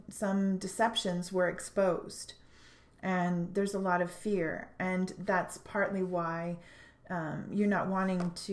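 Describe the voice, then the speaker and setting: A woman giving a spiritual tarot reading in an earnest, halting way, often restarting her sentences. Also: mid-range voice, darkish tone. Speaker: tarot reader. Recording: echoey room.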